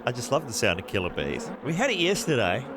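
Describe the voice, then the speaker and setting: A man's voice: mid-range voice, fast talker, noisy background. An Australian man hosting a comedy radio show, joking and bantering with his co-hosts in a studio. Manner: animated, jokey, slips into silly put-on voices. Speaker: host.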